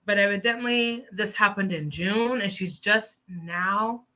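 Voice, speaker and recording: Fiery, bright-voiced woman ranting. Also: medium pitch, unhurried. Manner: heated, emphatic ranting with profanity. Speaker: live stream host. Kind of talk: live news commentary.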